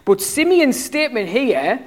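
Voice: mid-range voice, a little slow. British pastor in their thirties preaching casually. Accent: British English. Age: 30s. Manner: conversational, animated preaching with many fillers and restarts. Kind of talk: sermon.

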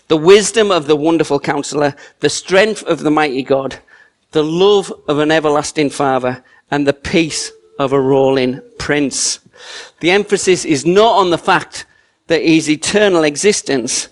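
Preacher man, conversational sermon. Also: on the high side. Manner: conversational, warm storytelling with frequent restarts. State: choked with emotion.

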